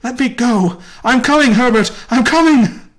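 A man voicing a grieving old mother who screams and pleads in a high, strained voice. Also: normal speed. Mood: frantic pleading.

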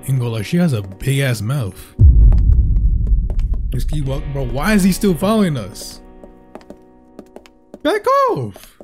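A young man giving casual let's-play commentary, slangy and profane, reacting loudly and animatedly to the game. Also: medium pitch, animated, moderate pace, long pauses. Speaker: gaming channel host. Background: game music.

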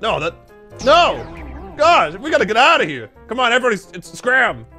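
An actor performs a grumpy dad in a cartoon game, sulky and full of complaints. His pitch rises and falls a lot, over faint music. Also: very animated, normal speed, pushed and bright. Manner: gloomy, complaining.

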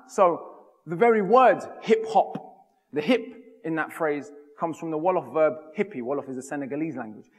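Man, public talk, rhythmic and emphatic, fairly high voice, long echo of a large hall. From United Kingdom. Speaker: speaker.

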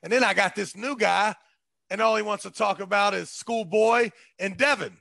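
A man's voice: sits high, moderate pace, creaky, bright, forceful tone, dry recording. A man who arm wrestles, talking in a casual chat in a boastful, emphatic way and swearing freely.

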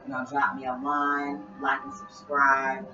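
A woman's voice: a bass voice, completely flat delivery, a little slow. A woman talking casually to her viewers in a spiritual vlog, rambling and repeating phrases as she addresses them directly. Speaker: spiritual vlogger. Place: at home, listening to music. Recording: roomy, distant, dull sound with music. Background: music playing.

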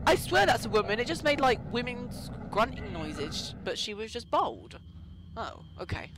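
A man's voice: very high voice, big pitch swings, moderate pace, background noise. A young man giving rambling, jokey commentary while playing a game and talking back to its ghosts. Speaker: let's play gamer. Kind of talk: casual gameplay commentary.

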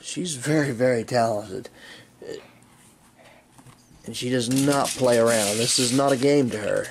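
A man's voice: mid-range voice, unhurried, noisy background. A man chatting casually outdoors, narrating a game of fetch and fondly coaxing his dog. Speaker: channel host. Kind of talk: casual vlog commentary while playing fetch.

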